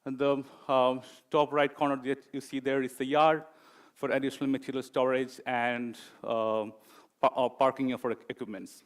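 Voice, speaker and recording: A man presenting as a project manager in a corporate talk, pausing often with fillers. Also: medium pitch, level tone. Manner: hesitant, many fillers.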